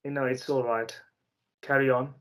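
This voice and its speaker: A man talks in an easygoing interview chat. He is a teacher, asking patient, friendly questions and laughing often, at a middling pitch for a man. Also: level tone, normal speed, a bit bright. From India.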